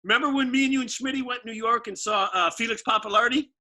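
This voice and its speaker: A man's voice: extremely high pitch, fast, sharp tone. A man as a guest on a video call, chatting in a laid-back, rambling way and trailing off with fillers. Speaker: guest, former pitcher. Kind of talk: casual video-call chat.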